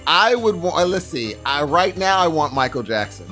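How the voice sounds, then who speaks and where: A man playing a twelve-year-old boy in an improvised comedy role-play, answering in a polite, formal, deadpan way in his own deep voice. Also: moderate pace, soft background music.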